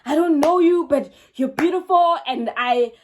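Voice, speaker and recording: A woman voicing a pushy, boastful man who stumbles as he flatters and makes offers. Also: a little high, measured pace, close to an everyday voice. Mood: pushy flattery. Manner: eager, rambling, stumbling over words.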